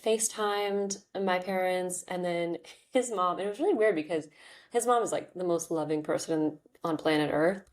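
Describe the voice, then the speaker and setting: Thirtysomething woman telling a story on her podcast, chatty, says like a lot, kinda low voice. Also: a little mellow. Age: 30s. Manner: chatty and candid, with many "like"s and "um"s. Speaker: podcast host. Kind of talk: casual personal storytelling.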